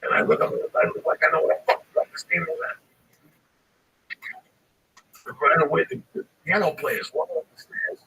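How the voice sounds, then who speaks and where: A man tells a rambling, profane story in a high, bright voice that swings wildly up and down. His delivery is animated and full of swearing. The mic sits at a distance and faint noise hangs behind him. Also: fast. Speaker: stand-up comedian.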